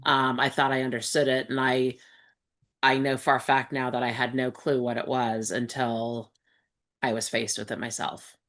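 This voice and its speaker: Female host, very low voice, reflective conversational delivery. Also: level tone, moderate pace, a bit bright. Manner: reflective, thoughtful, with frequent fillers. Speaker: host and support group facilitator. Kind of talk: conversational group discussion.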